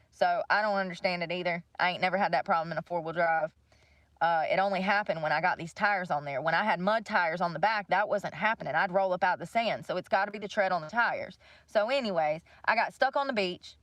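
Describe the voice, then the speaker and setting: A woman's voice: fairly low pitch, fairly bright tone, dry recording. Blunt woman venting. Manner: blunt, swears freely, venting about money. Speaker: livestream host. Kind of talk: casual rant to viewers.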